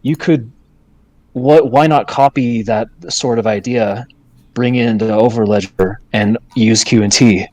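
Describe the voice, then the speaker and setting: Man co-host, animated and emphatic, casual podcast talk, dry close mic. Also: mid-range voice, measured pace, no echo. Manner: animated, emphatic, stammering restarts. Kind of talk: casual crypto discussion.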